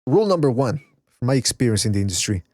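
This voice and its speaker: Talking fast in a sing-song, slightly mellow mid-range voice, this man is the host of a laid-back boxing podcast run like a live-stream chat. He rambles, curses, and reads viewers' chat messages aloud. The studio sound is clean, with no room sound.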